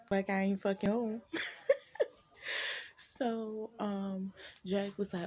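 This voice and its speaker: Gravelly-voiced woman telling a storytime. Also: mid-range voice, measured pace. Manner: profane, animated storytelling, addresses viewers as y'all. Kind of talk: casual storytime vlog.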